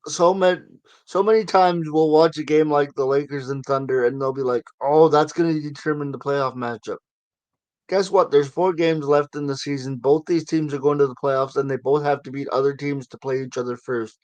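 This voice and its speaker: A man's voice: on the high side, steady tone, moderate pace, darkish tone, no room sound, lo-fi sound. A man hosting a casual sports talk show, chatty and given to sarcastic asides. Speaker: sports podcast host.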